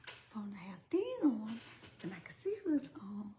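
A woman ministry leader talking casually to her followers, swinging between hushed, whispery asides and loud, laughing outbursts. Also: a little high, big pitch swings, moderate pace. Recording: roomy with faint noise.

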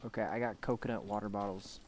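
Profane young male streamer, low voice. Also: fairly even intonation, quick pace, a little hiss or hum. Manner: profane, exasperated banter addressing chat. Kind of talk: casual gameplay chat.

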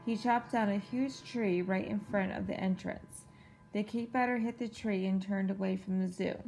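A woman at home reading a picture book aloud to a child in a clear, patient storytelling manner. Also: medium pitch, steady tone, moderate pace, darkish tone, faint music behind, poor audio.

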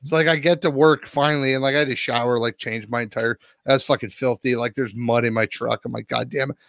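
A man co-hosting a podcast, telling a long rambling story full of swearing. He is sore and worn out after a rough day. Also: medium pitch, steady tone, fast, fairly bright tone, no echo, studio quality. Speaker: podcast co-host. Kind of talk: casual podcast chat.

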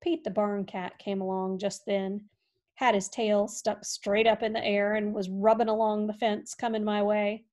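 A woman reading a storybook aloud in a folksy, expressive way that swings from hushed to loud. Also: medium pitch, moderate pace. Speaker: audiobook reader. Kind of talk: storybook narration.

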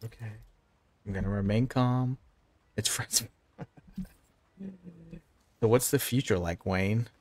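His voice sits on the low side, dark in tone, slow and full of pauses. This Southern American game streamer in his thirties gives live gameplay commentary, chatting to viewers and muttering to himself as he plays.

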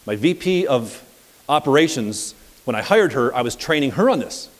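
A man coaching at a live seminar, telling anecdotes in an energetic, conversational way. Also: mid-range voice, normal speed, long reverb tail. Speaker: property management business coach. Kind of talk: live seminar talk with audience questions.

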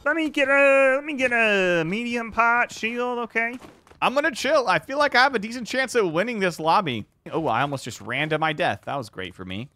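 A man giving excitable, reactive live commentary on his own gameplay, swearing freely. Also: extremely high pitch, moderate pace. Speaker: gaming YouTuber. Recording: game gunfire in the background. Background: video game gunfire and clicks.

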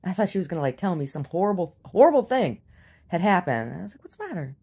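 Blunt, low-voiced woman venting. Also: big pitch swings, fast talker, dark tone, husky. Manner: blunt, profane, exasperated venting; mocks others in exaggerated voices. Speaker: video diarist. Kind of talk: casual video diary rant.

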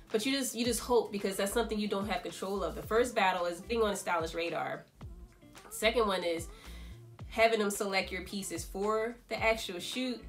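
A young woman, a fashion designer telling a story in a casual, animated vlog. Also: lowish voice. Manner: animated, chatty storytelling full of quoted asides.

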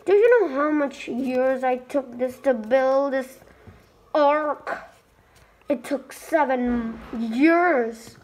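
A woman's voice: sits high, drawn-out words, darkish tone, heavily acted, low-quality recording. A woman voicing a proud male robot ship builder who feels betrayed, speaking in an indignant, accusing way in a homemade stop-motion toy movie.

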